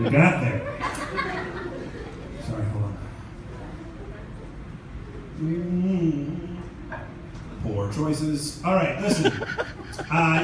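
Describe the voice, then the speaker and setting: A man doing a profane stand-up comedy set with a loud, ranting delivery, after a casual chat. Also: fairly high pitch. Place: green room, then comedy club stage. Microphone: handheld stage microphone. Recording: echoey room with loud noise.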